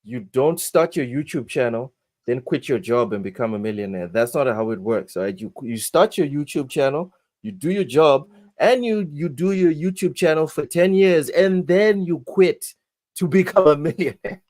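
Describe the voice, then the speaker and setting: A man's voice: a little high, expressive, moderate pace, a little mellow. A man co-hosting a casual gaming chat, blunt and repeating his phrases as he goes. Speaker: podcast co-host.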